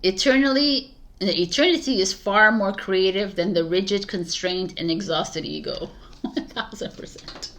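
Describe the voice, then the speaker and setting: A woman's voice: medium pitch, unhurried. A woman doing a tarot reading for viewers, speaking casually with many restarts and bursts of emphatic advice. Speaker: tarot reader.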